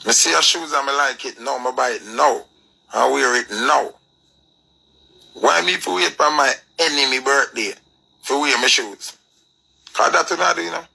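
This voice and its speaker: Jamaican man, commentator, preachy rant, gravelly and hard-edged delivery. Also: a little high, bright, forceful tone, rough recording. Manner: preachy, emphatic, rhetorical questions. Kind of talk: ranting commentary.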